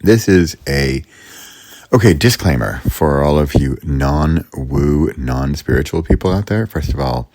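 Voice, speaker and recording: Very deep gravelly-voiced man rambling. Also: animated, a little slow, darkish tone, no echo. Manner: rambling, self-interrupting, chatty; playful and self-mocking. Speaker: podcast host. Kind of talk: casual solo podcast monologue.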